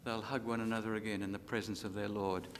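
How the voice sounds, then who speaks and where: An older Australian man preaches a sermon, his voice rising for scripture and sinking to near-quiet asides. His words ring out with a long reverb from a large hall, over a faint low rumble. He slows down to dwell on key lines. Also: level tone. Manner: dramatic rises and drops in loudness, slows for scripture. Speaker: pastor.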